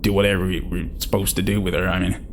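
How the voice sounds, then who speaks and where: A man voices a brash crewman who boasts and schemes in loose, ungrammatical slang. The voice is pitched lowish for a man and stays boastful and casual. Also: little pitch movement, fast, slight background noise. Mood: scheming. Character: brash, rough-talking male space crewman.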